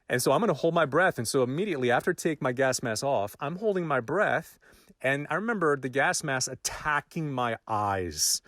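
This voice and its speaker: A man telling a personal story in an animated, self-mocking way, his voice climbing when the tension builds. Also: medium pitch, dry recording, clean studio sound. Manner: animated, self-mocking, rising excitement at key moments.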